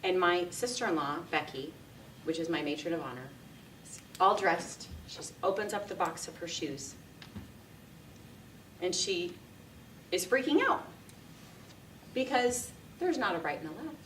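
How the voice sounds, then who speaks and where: A woman giving a speech, telling a personal story in a lively way and laughing often. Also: on the low side, a little slow, pauses often, a little hiss or hum. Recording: echoey room, mic from a distance.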